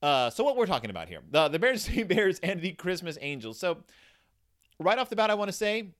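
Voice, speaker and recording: A man's voice: high-pitched, very animated, a little fast, fairly bright tone. A man from Texas, a host casually reviewing a children's book, chatty and rambling with many fillers and restarts. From United States (Texas).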